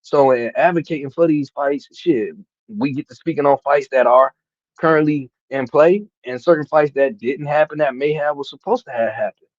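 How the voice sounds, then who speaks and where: A man's voice: a little high, moderate pace, no room sound. A man hosting a casual boxing talk show, rambling and cursing, often asking "you know what I'm saying". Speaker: boxing podcast host. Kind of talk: casual chat. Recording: dull dry lo-fi mic.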